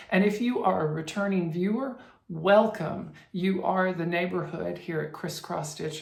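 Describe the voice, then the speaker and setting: A chatty woman talks casually to her viewers in a cross-stitch vlog, looping back and restarting her sentences as she goes. Her voice sits very low for a woman. The recording has a roomy echo around it. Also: creaky. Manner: chatty and rambling, with many restarts and fillers. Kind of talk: casual chat to camera.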